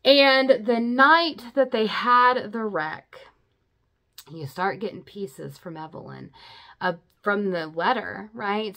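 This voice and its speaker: A woman's voice: medium pitch, sharp tone. A young adult woman recapping a novel for her viewers in a casual, chatty way, full of "you know" and "like" and openly emotional about the story. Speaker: book reviewer. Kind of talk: casual spoken book recap.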